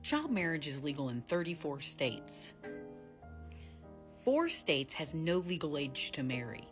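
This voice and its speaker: A woman's voice: low-pitched, sing-song, measured pace, music in the background. A woman speaking emphatically.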